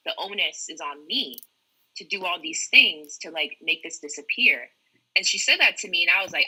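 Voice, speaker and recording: A woman's voice: fairly low pitch, sharp tone, breathy edge, rough recording. A woman medical student on a podcast panel, telling a candid, emotional story in casual talk.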